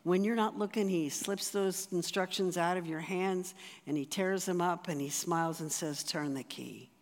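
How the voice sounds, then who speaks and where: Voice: medium pitch, steady tone, moderate pace. A speaker giving sermon teaching to a congregation in a conversational way, with rhetorical asides to the listeners. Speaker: church teacher. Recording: long reverb in a large hall.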